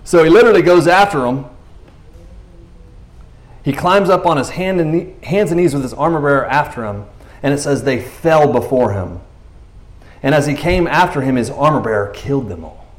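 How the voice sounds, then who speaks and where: A man's voice: a little high, lively intonation, moderate pace, pauses often. A man preaching a casual sermon, chatty, laughing often and acting out the story. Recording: echoey room.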